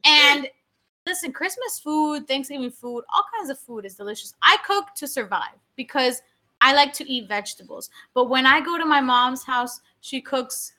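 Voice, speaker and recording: Tipsy woman podcast host, loud and joking, high bright voice. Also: animated, normal speed. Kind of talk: casual podcast chat.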